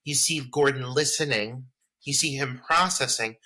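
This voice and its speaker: A man co-hosting a podcast, chatting about a horror film in excitable, profane banter. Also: medium pitch, normal speed, poor audio. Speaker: podcast co-host. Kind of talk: casual film discussion.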